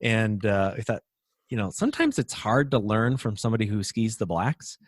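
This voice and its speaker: A man hosting a podcast who talks about faith in a relaxed, folksy way and uses homely idioms. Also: fairly low pitch, normal speed, dry recording, clean studio sound. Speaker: podcast host. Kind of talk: casual faith discussion.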